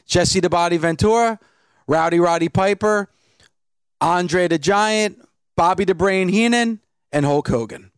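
A man's voice: high voice, measured pace, clear, resonant tone, no echo. A man co-hosting a podcast, earnestly retelling a scene. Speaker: podcast co-host. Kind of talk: casual wrestling chat.

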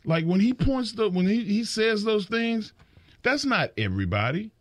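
A man's voice: high-pitched, big pitch swings, normal speed, no room sound. A man in casual podcast chat, telling stories emphatically and often repeating words as he builds a point.

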